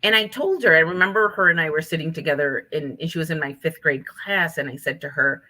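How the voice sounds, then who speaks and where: A woman with a low voice and a bright, forward tone tells stories in a relaxed interview. She speaks in a lively way and acts out her students' lines as she goes. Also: brisk. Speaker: author and teacher. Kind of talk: conversational interview storytelling.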